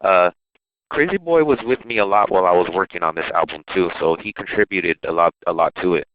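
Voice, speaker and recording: A man's voice: low-pitched, brisk, dry recording, phone-quality sound. A man, a rapper and producer, telling stories about his songs in a loose, rambling interview. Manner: loose, rambling, with restarts and laughs. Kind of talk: casual interview storytelling.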